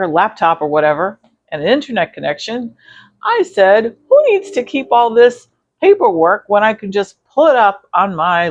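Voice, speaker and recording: A woman's voice: deep voice, lo-fi sound. A woman vlogging about quilting in a casual, rambling way, with many fillers and self-corrections. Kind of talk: casual chat reviewing videos.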